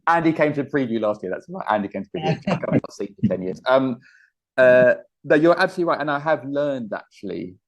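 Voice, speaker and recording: A man, a comedian guest telling stories in a casual interview, animated and laughing often. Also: medium pitch, fast talker. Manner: animated storyteller, laughs often, acts out quotes.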